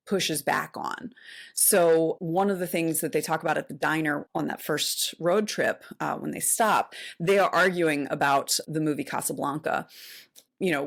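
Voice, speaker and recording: A woman in her forties with a low voice and a gravelly fry talks casually as a podcast co-host. She recaps a movie in loose, animated retelling, full of "like" and "uh" and restarted phrases. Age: 40s. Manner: animated retelling with many fillers. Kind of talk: casual chat.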